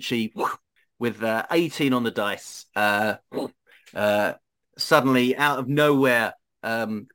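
A man's voice: medium pitch, a bit bright. A man narrating as game master of a tabletop game, hesitant and full of fillers.

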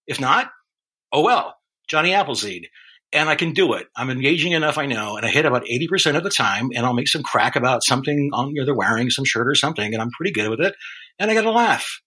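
Husky, bright-voiced man hosting a chat. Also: mid-range voice, expressive, fast. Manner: loose, joking, emphatic, swears casually. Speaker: interview host. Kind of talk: casual conversation.

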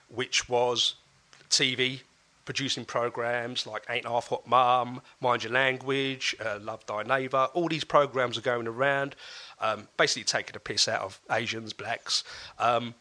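A man tells a story on a podcast with bright, forceful energy. He talks in a casual, animated way and acts out the voices of the people in his tale. His pitch sits in an ordinary middle range. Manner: animated, acts out quoted voices, laughs often. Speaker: podcast guest.

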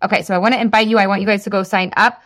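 A woman's voice: medium pitch, steady tone, rapid-fire, fairly bright tone. A woman in her thirties hosting a casual solo podcast, chatty and full of "like", laughing at herself. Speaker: podcast host.

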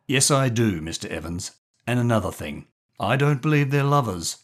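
A man voicing a pompous older male colonel who speaks in a lordly, drawn-out way, with a husky voice. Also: medium pitch, animated, voice pushed up, close to an everyday voice. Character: old male country colonel, pompous, fond of chuckling.

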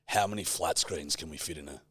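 A man's voice: rumbling low, slightly rough, dry recording, studio quality. A man co-hosting a comedy podcast, tossing out prompts in casual banter and laughing often. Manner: animated, laughing, prompts with quick suggestions. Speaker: podcast co-host.

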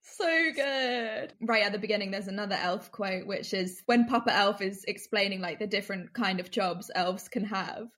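A woman's voice: medium pitch, moderate pace, hardly any pauses, fairly bright tone, slight background noise. A woman co-hosting a casual chat, giggly and enthusiastic about favorite film lines. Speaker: podcast co-host.

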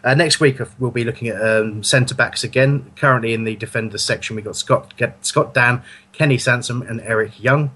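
Guy hosting a footie podcast, rambly, keeps correcting himself, mid pitch. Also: brisk, fairly bright tone, husky. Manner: rambling, self-correcting, chuckling. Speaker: podcast host. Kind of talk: casual football fan podcast chat.

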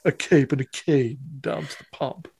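Male, 50s, animated storyteller, casual and slangy. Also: fairly high pitch, normal speed, gravelly, husky, no echo. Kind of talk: casual anecdote telling.

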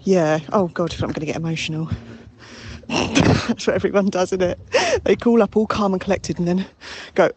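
A woman's voice: on the low side, a little fast, a little hiss or hum. A woman with a London accent leaving a chatty, rambling phone voice note outdoors in a park. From England. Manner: chatty, warm, sweary, rambling.

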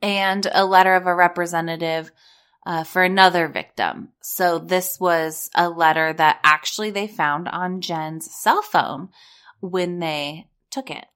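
Blunt, sarcastic woman with a lowish voice. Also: fairly even intonation, a little slow, a bit bright, smooth. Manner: blunt, sarcastic, swears freely. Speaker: commentator reading court documents. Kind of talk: casual commentary.

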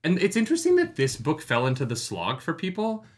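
A man's voice: fairly high pitch, wildly swooping pitch, a little fast. A man co-hosting a casual book discussion stream, rambling and joking with many fillers and restarts. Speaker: podcast co-host.

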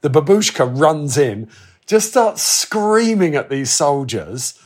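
Animated man telling stories. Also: fairly high pitch, takes it slowly. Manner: animated storyteller, acts out quoted voices, swears freely. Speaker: podcast guest telling travel stories. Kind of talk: casual anecdote telling.

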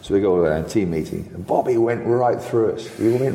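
A man's voice: fairly low pitch, a little fast, vocal fry, hardly any pauses. A man in his sixties, a former footballer, telling anecdotes with chuckles and many restarts. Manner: chuckling, animated storyteller, full of restarts. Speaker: former footballer, interview guest. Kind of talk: anecdotal storytelling. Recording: roomy reverberant room sound.

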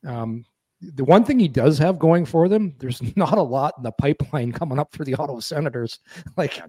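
A man's voice: on the high side, animated, moderate pace, a little mellow, breathy edge, no room sound. Rambling middle-aged man, dry sound. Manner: rambling, repeats words and restarts often. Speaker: podcast co-host. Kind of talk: casual sports chat.

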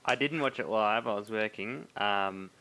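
A man talks football in a bright voice, hesitating often and filling gaps with ums. A faint hiss sits under the recording. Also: on the low side, normal speed, rough recording. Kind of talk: casual sports chat.

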